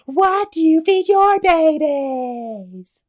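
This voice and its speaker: A man voicing a loud, cheerful female frog who shouts every line in a high voice from far off the mic. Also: expressive, drawn-out words, heavily acted.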